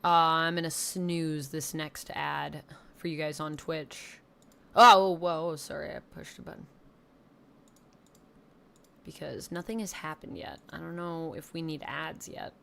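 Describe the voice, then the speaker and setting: Her low-pitched voice is steady, unhurried, creaky and a bit bright. The speaker is a young woman from Canada with a slight Southern twang, chatting and rambling self-deprecatingly on a live stream from her home desk mic.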